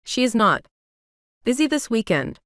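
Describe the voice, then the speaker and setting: A woman's voice: fairly high pitch, very animated, measured pace, fairly bright tone, no echo, clean studio sound. A woman voicing a friendly, cheerful young college man, playful and easygoing.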